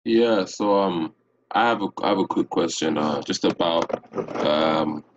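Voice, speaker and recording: Hesitant deep-voiced London man. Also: measured pace, lo-fi sound, noisy background. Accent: London English. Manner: hesitant, many fillers. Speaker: student on a coaching call.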